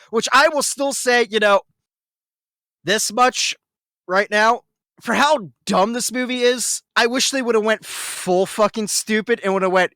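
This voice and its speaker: A man co-hosting a casual podcast review, excitable, swearing a lot and laughing often. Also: high-pitched, a little slow, no room sound. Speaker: podcast co-host.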